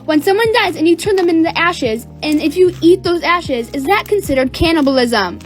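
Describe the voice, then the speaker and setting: A woman's voice: very high voice, animated, moderate pace, faint music behind. A teenage girl telling a story in a chatty, sarcastic way, with lots of "like". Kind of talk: casual storytime.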